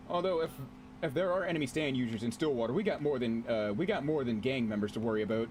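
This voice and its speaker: A man streaming a game, chatting casually with his audience in an excitable, chatty way and swearing freely. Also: medium pitch, quick pace, slight background noise. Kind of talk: casual gameplay commentary.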